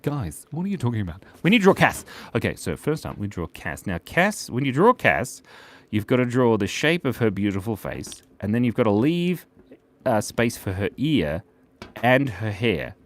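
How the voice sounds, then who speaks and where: A man's voice: mid-range voice, very animated, moderate pace. A man hosting a live drawing stream in a playful, chatty, jokey way. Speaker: host and illustrator.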